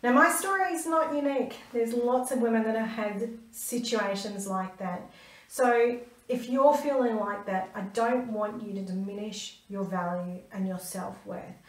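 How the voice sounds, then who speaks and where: A woman's voice: a little high, measured pace. A woman, a stress management coach telling a personal story to camera in an earnest, emphatic way. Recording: roomy, mic at a distance.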